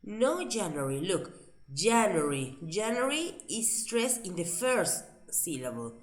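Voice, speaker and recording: A woman teaches English to a class. She talks slowly and patiently, echoing each answer back with a lively rise and fall. The room around her is echoey. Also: medium pitch, faint music behind. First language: Spanish. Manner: patient, repeats answers back, switches to Spanish to explain.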